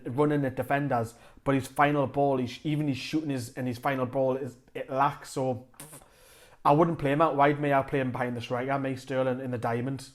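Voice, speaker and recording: Rambling football fan. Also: male voice, medium pitch. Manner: opinionated, rambling, self-correcting. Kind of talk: casual football commentary to camera.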